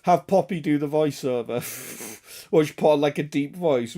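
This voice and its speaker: A man with a hoarse, raspy throat from illness, chatting casually and greeting viewers on a game stream, joking and swearing. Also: fairly high pitch, moderate pace, hardly any pauses, mellow. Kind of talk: casual live-stream chat.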